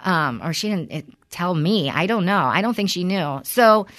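A middle-aged woman with a fairly low voice tells a story in a loose, conversational way. She is blunt and swears freely, and she vents her frustration as she hosts her podcast. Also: lively intonation, moderate pace, a bit bright. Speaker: podcast host. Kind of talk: casual chat.

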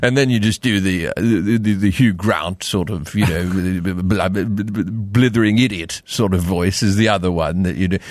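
A man's voice: sits low, no echo. A middle-aged Australian man, a comedian, chatting casually on a podcast, rambling with lots of restarts and casual swearing. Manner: rambling, swears freely, stumbles and restarts, does quick accent impressions. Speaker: comedian guest.

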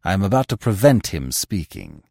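A man voicing a calm masked male avenger who speaks low, measured and quietly menacing. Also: creaky, no echo, clean studio sound, heavily acted. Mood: calm menace.

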